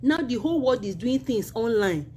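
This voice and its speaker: A woman's voice: a little high, lively intonation, normal speed, mellow, a little hiss or hum. A woman with a Nigerian accent, a university union member making an impassioned video appeal, emphatic and indignant, repeating her points.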